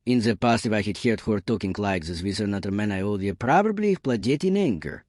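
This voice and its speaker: A man calmly narrating a first-person story in an even storytelling manner. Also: on the low side, fairly quick, no echo, studio quality.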